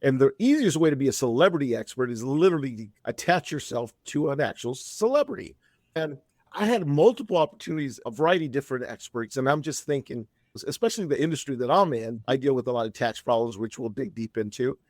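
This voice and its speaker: A man in his fifties speaking as a podcast guest at an everyday middle pitch, chatty and rambling as he tells a story, doubling back on his words. The sound is close and dry, with no room around it. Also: lively intonation, fast talker, no echo. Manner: chatty, rambling, frequent restarts. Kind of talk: casual storytelling.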